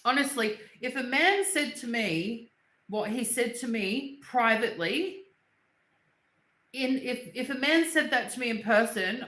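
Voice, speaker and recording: Her voice is a little high, expressive, a bit slow, and fairly bright. The young woman, hosting a casual livestream from an echoey room, talks with blunt anger, cursing and saying things over again.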